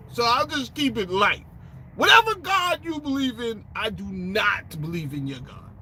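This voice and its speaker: Profane, high-voiced man ranting. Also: slight background noise. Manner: profane, animated, street slang, sarcastic; rambling with restarts and asides. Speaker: political commentator. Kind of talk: casual ranting commentary.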